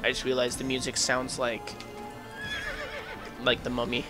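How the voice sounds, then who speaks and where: A man plays a video game and gives casual, rambling let's-play commentary, chuckling and talking back at the game. His mid-range voice is completely flat at a moderate pace, heard over loud game music.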